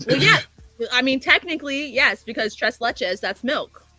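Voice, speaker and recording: A woman telling a story in casual chat, animated and profane, acting out both sides of the conversation. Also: high-pitched, moderate pace, no room sound. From American South.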